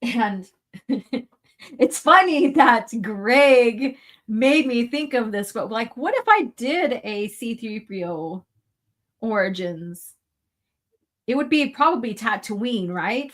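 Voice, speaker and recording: A young woman with a somewhat high voice chats on her live stream from home. She rambles loosely, giggles often and swears freely while reading out viewer comments. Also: animated, slow, fairly bright tone. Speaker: livestream host reading chat. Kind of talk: casual live-stream chat. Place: at home, indoors.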